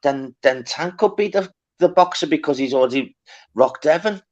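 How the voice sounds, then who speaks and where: Excitable man, muffled lo-fi sound. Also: a little high, normal speed. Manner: excitable, swears freely, peppers talk with "mate" and "lad". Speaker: podcast co-host. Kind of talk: casual boxing chat.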